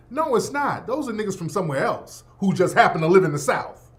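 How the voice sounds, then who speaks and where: A man's voice: high voice, sing-song, fast. A man hosting a radio show, delivering a blunt, profane, emphatic opinion monologue. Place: Los Angeles.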